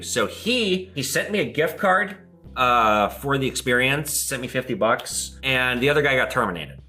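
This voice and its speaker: A man who hosts a pawn shop show, telling a story casually to camera in an animated way and acting out the people he quotes. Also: brisk. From Minnesota. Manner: animated, acts out quoted people with big jumps in pitch. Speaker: pawn shop owner and host.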